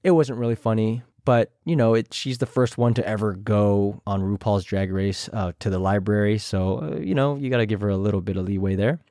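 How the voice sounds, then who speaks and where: A man's voice: fairly quick, hardly any pauses, mellow, no echo, clean studio sound. A young man hosting a podcast, casually recapping a reality show and sometimes imitating the people he quotes. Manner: chatty, mimics others in a higher voice.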